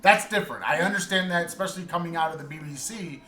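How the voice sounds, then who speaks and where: A podcast co-host speaks quickly in a fairly high, bright voice with a forceful tone, chatting casually and earnestly while often restarting as he hunts for the right words. The room is echoey, with soft music playing in the background.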